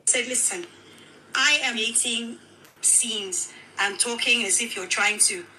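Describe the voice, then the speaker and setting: A Nigerian woman telling her own account as a widow in a very bright, somewhat high voice. She is animated and acts out the dialogue as she tells it. Faint noise sits under the recording. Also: slow, poor audio. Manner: animated, quoting others in dialogue. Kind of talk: emotional personal account.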